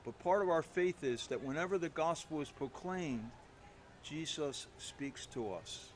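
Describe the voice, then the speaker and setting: A man's voice: a little high, expressive, unhurried, a little hiss or hum. Man giving a conversational homily. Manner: self-deprecating storyteller, conversational with frequent restarts. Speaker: priest. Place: church.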